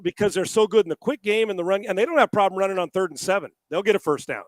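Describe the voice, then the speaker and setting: A man co-hosting a casual sports talk show, animated and profane, often stammering and restarting his sentences. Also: sits high, racing, no room sound. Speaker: sports analyst co-host.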